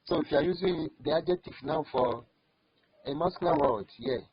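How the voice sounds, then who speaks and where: Man, language teacher, husky voice, slightly high pitch, repeats words slowly, dull lo-fi recording. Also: dry recording. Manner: slow, repeats each word several times. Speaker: French teacher. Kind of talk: online language lesson.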